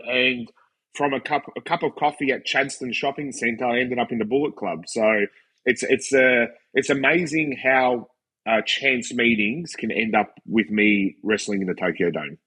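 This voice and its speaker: Husky man telling animated stories. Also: mid-range voice, brisk. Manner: animated storyteller acting out quoted dialogue, frequent "like". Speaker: podcast guest, wrestler and commentator. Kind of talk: casual storytelling chat.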